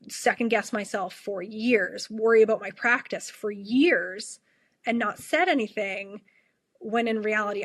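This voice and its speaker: Husky-voiced woman, earnest storyteller. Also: mid-range voice, no echo. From Canada. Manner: earnest, frequent self-restarts, repeats her questions. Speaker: guest, ER nurse. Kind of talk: personal storytelling in a podcast interview.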